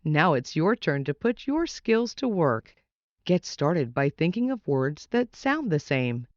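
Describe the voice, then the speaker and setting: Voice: mid-range voice, sing-song, measured pace, no room sound, muffled recording. A reader steadily reading a children's nonfiction book aloud.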